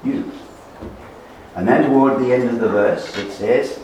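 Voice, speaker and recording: A man preaching a sermon, slow and emphatic, repeating key words and letting phrases trail off softly. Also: on the low side, muffled recording, slight background noise. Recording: roomy echo, voice far from the mic.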